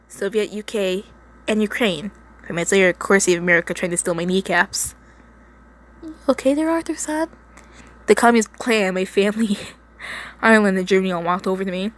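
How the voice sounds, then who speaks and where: A young woman casually reading a story aloud at home, often stumbling over words, laughing and adding side comments. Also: medium pitch. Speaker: reader of fan fiction. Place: home, indoors.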